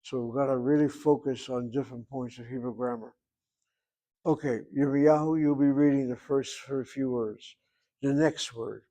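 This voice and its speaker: A man's voice: mid-range voice, steady tone, normal speed, mellow. A man teaching a Hebrew grammar lesson, explaining patiently and methodically and repeating words as drills.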